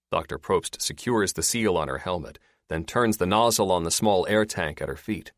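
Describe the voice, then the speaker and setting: A man narrating a paranormal audiobook in expressive scripted storytelling. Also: low-pitched, normal speed, few pauses, dry recording, clean studio sound.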